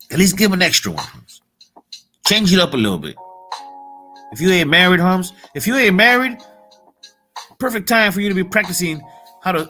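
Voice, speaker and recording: Man, bright forceful voice, profane motivational rant, faint music bed. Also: a little high. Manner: profane, heated, repetitive street slang. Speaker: motivational vlogger.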